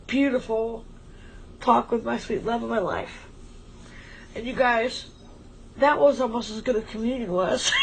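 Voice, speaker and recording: Emotional woman, slightly high voice. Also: a little hiss or hum, poor audio. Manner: emotional, rambling, grateful. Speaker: livestream co-host. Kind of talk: casual heartfelt chat.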